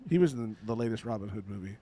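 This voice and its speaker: A man co-hosting a podcast in casual chat, rambling and halting, trailing off with fillers, joking about himself. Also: fairly low pitch, lively intonation, mellow. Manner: rambling, halting, self-deprecating. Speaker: podcast co-host.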